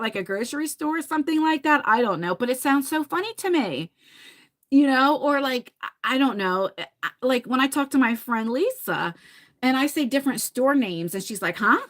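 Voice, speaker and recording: This woman's voice is high, animated and brisk. She's a livestream host in her forties with a New Jersey accent, rambling casually to viewers and breaking into laughter or the odd swear word.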